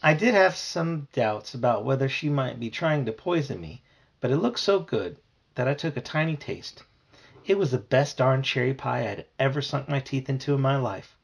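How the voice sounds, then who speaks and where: Dad reading a chapter book out loud, husky, lots of ups and downs in his voice. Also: mid-range voice, expressive, normal speed. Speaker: father reading to his child. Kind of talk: reading a novel aloud.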